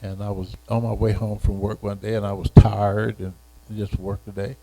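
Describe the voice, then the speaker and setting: Gravelly, very dark-voiced man in his eighties. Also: lowish voice, flat delivery, rough recording. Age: 80s. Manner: unhurried, halting, often repeats words. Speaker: retired educator being interviewed. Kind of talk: reminiscing personal story.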